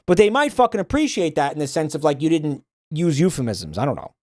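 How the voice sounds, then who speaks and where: A man's voice: on the high side, sing-song, brisk, a little mellow, no room sound. A man streaming, ranting bluntly and swearing a lot in casual livestream commentary.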